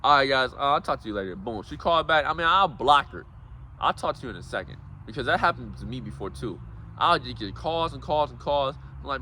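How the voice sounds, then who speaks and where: A man's voice: mid-range voice, expressive, brisk, sharp tone, a little hiss or hum. A man giving a casual, preachy motivational talk, calling his listeners guys and bro. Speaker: self-help speaker.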